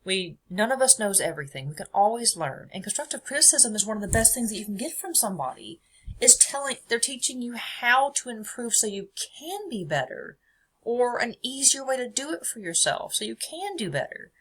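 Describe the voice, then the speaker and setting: A woman's voice: fairly high pitch, very animated, brisk, fairly bright tone, slightly rough. A young adult woman hosting a casual faith podcast, reading from her notes in a chatty way and laughing often. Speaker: podcast host.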